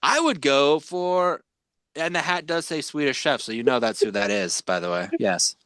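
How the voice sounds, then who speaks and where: A man's voice: mid-range voice, expressive, moderate pace, a bit bright, smooth, no room sound, studio quality. A man hosting a podcast, chatting casually and rambling with many fillers. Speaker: podcast host. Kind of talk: casual chat.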